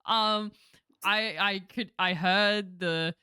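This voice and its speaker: A woman's voice: medium pitch, steady tone, slow, sharp tone. A woman playing in a roleplay on a voice call, talking loosely and laughing, with lots of swearing and bursts of speech. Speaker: roleplay player. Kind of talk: casual in-character roleplay chat.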